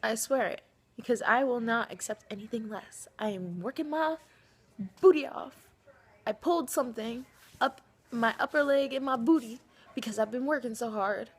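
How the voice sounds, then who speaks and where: A woman records a casual vlog and talks straight to her friends. Her fairly high voice is animated and dramatic as she swings between pleading and playful teasing. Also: normal speed. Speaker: vlogger. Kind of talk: casual direct-to-camera vlog addressed to friends.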